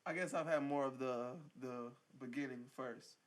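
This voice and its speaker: A man co-hosting a casual podcast, chatting and cutting in with quick jokes. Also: mid-range voice. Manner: fast, joking interjections. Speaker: podcast co-host. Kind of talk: casual chat.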